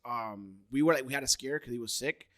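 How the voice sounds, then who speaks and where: A man's voice: mid-range voice, fairly quick, fairly bright tone. A man in his thirties co-hosting a podcast, chatting casually and telling stories with frequent laughter. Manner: storytelling, laughing often. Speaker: podcast co-host. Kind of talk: casual chat.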